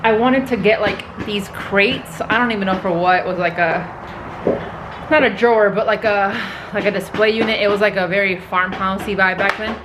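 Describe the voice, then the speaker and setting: A woman's voice: medium pitch, steady tone, moderate pace. Bubbly young woman vlogging at home. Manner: bubbly, giggly, gushing. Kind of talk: casual DIY vlog chat. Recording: noisy home video sound.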